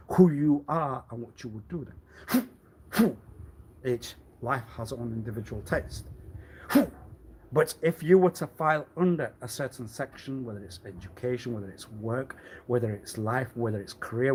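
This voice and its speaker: A man rambling alone on a livestream in a meandering way, repeating himself and often clearing his throat. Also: mid-range voice, darkish tone, a little hiss or hum. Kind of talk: rambling solo livestream monologue.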